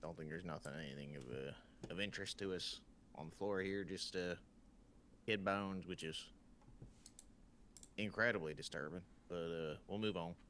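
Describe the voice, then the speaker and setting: A man with a low voice plays a tabletop game and talks through his moves casually. He is wry and curses now and then. There is a steady hiss of noise behind him from a home setup. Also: normal speed, long pauses. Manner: wry, profane, thinking aloud. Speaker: player.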